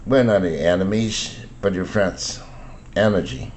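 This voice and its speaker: Older man slowly reading English word lists. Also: low voice, animated, darkish tone, a little hiss or hum. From Taiwan. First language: Mandarin. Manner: slow, deliberate word-by-word reading. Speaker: English pronunciation teacher. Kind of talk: reading vocabulary words and example sentences.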